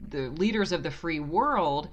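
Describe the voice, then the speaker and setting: A woman's voice: deep voice, lively intonation, unhurried, lo-fi sound. A woman in her forties with a Southern American accent, a podcast guest speaking reflectively with frequent restarts and easy laughter. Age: 40s. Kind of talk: casual interview talk.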